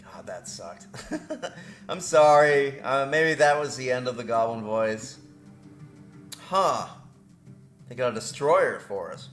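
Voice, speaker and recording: A man's voice: medium pitch, lively intonation, unhurried, reverberant, faint music behind. A man hosting a let's play, rambling through his moves and griping about the game in a self-deprecating way. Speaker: gaming video host.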